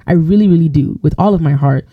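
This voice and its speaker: A woman co-hosting a casual podcast, talking earnestly and quickly about parenting and acting out what a parent might say. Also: low voice, narrow, tinny audio. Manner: earnest, fast-talking, acts out a parent's replies. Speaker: podcast co-host.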